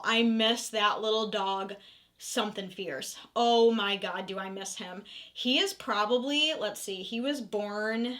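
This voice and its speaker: A woman's voice: mid-range voice, steady tone, takes it slowly, a bit bright. A young woman, chatting candidly to camera at home in a casual Q&A vlog. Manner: candid, emotional, sometimes swearing. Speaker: vlogger.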